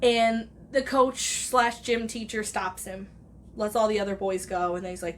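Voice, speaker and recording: There's a little background noise as she talks at a moderate pace, her voice mid-range. Her movie review is loose and rambling: she walks through the plot, swears without hesitation, and animatedly acts out what the characters say.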